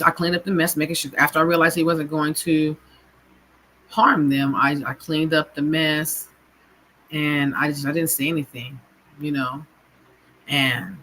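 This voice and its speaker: A woman telling her own story of abuse as a personal testimony, in a halting way full of fillers and restarts. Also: low-pitched, pushed and bright, slight background noise, low-quality recording. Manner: halting, full of "you know" and "kinda" fillers.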